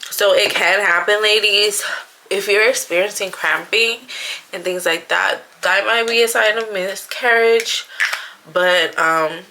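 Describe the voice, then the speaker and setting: Chatty woman vlogger with a bright voice. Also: medium pitch, unhurried, a little hiss or hum. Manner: chatty storytelling, acting out quotes. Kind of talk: casual personal vlog.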